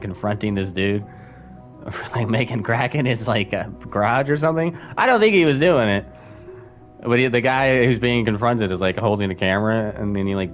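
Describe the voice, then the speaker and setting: A young man streaming a space game, rambling and swearing casually, bursting into yelps and laughs. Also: fairly low pitch. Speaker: gaming streamer. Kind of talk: casual gameplay commentary.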